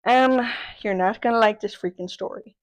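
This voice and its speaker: Excitable young woman telling a story. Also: mid-range voice, normal speed, rough recording. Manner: excitable, exclamatory, playful self-mocking. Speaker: podcast host. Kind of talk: casual storytelling chat.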